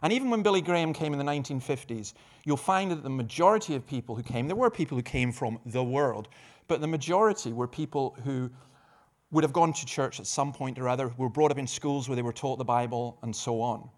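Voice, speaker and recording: A middle-aged man, a preacher and evangelist, talks at a conference on evangelism using a mid-range voice and a slightly quick pace. Lively stories with humorous asides fill the talk, and he repeats words when restarting phrases.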